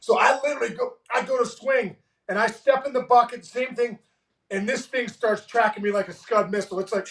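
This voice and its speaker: A man guest telling an animated, profane baseball story, stammering and restarting as he gets excited. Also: very high-pitched, moderate pace, echoey room, recorded from a distance, a little hiss or hum. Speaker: guest, former ballplayer.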